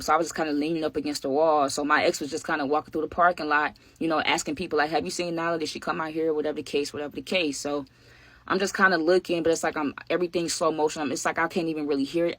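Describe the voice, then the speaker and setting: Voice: medium pitch, a bit bright, no room sound. A vlogger telling a true story in casual narration, full of "like" and "you know what I'm saying," talking straight to the viewers. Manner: talks straight to viewers as "y'all".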